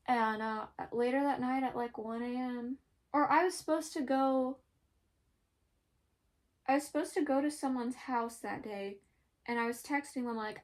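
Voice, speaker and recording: A young woman talking hesitantly in a personal confessional vlog, pausing often and searching for words. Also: fairly high pitch, fairly even intonation. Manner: hesitant, halting, many pauses and fillers; emotional, soft-spoken. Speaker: vlogger.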